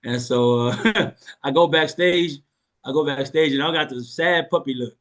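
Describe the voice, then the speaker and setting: A man hosting a casual chat, telling a personal story in a relaxed, joking way and laughing often. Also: a little high, normal speed. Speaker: host.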